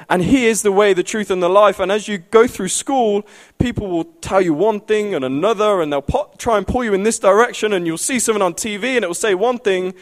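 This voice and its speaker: A man preaching a sermon with passion, building to loud pleading climaxes. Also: high voice.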